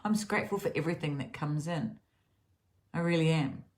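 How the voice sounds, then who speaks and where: A woman with a low, darkish voice walks through a gratitude routine in a casual self-help style. She's brisk yet earnest and rambling, often restarting and repeating her words.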